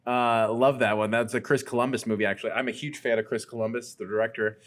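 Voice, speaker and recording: A man's voice: medium pitch, fairly even intonation, quick pace, fairly bright tone. A man with a mid-range voice hosts a casual podcast. He talks enthusiastically and rambles, jumping from one film to the next. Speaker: podcast host. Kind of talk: casual chat. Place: Las Vegas.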